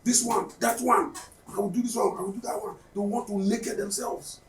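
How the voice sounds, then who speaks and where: A man's voice: high voice, normal speed, slight background noise. A man, chatting on a podcast and acting out the people in his stories. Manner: animated storyteller, acts out dialogue. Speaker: podcast guest. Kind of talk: casual podcast chat. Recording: roomy, slightly distant, faint ambience.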